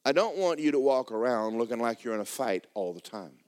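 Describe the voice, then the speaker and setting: A man preaching a sermon as pastor in a church, emphatic and repetitive, breaking into fervent shouted prayer. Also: medium pitch, expressive, brisk.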